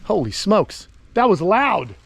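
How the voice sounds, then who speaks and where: Chatty excitable man, fairly high voice. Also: slow pace, gravelly, a little hiss or hum. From Long Island, New York. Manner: chatty, excitable, rambling with many fillers. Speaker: host, tortoise keeper. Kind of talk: casual vlog commentary. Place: outdoors by a tortoise enclosure.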